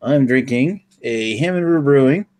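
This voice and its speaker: A man from New Brunswick chatting on a livestream, relaxed and matter-of-fact with dry jokes. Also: medium pitch, normal speed, a little hiss or hum. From New Brunswick, Canada. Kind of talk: casual chat on a livestream.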